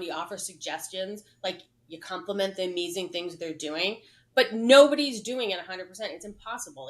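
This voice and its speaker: A woman's voice: medium pitch, rough recording. A middle-aged woman, a dental compliance consultant, chatting casually on a podcast, with lots of "like" and "right?" fillers. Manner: animated, many "like" and "right?" fillers.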